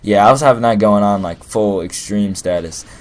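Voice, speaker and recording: Deep-voiced young man rambling a story. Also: moderate pace. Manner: rambling and playful, heavy on fillers. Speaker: gaming commentator. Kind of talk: casual storytelling over gameplay commentary.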